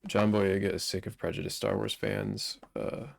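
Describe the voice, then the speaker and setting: A man with a very deep voice and a gravelly fry, talking casually on a live stream. He reads headlines aloud and drops profane asides between them. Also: sing-song, moderate pace. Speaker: streamer co-host.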